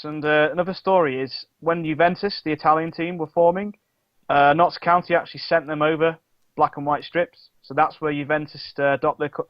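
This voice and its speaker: A man's voice: on the high side, no room sound. A man co-hosting a sports podcast, talking casually, with many restarts and fillers. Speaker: podcast co-host. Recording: dull lo-fi dry sound.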